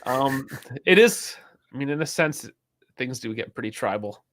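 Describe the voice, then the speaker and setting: A mid-pitched man co-hosts a casual livestream, explaining things with dry asides and frequent chuckles. His pitch moves animatedly, and the recording is dry and close. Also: lively intonation, moderate pace, fairly bright tone, no echo. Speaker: podcast co-host.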